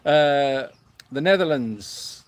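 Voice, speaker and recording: A man's voice: medium pitch, expressive, slow pace, no room sound. A man hosting a sanctuary livestream, reading viewer comments aloud in a hesitant, self-mocking way with lots of fillers. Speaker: animal sanctuary host.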